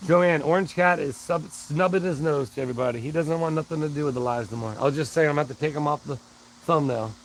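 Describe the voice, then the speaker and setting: A man hosts a relaxed live stream, chatting loosely and calling out viewers one by one. His voice sits a little on the high side. A faint noise hangs behind him. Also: fast talker, vocal fry, poor audio. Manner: greets viewers by name, rambling and friendly. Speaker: livestream host. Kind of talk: casual live chat.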